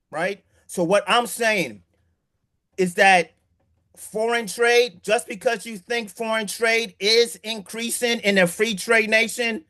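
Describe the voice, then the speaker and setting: A man with a high, bright voice talks through an argument in casual commentary. He is emphatic, stumbles and restarts on words, and keeps asking rhetorical questions. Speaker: political commentator.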